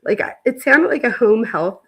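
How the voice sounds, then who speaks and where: A woman's voice: on the high side, expressive, normal speed, a bit bright, breathy edge. A woman in her thirties hosting a casual chat, telling stories in a chatty way full of filler words. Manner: chatty storyteller, lots of "like" fillers. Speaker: host.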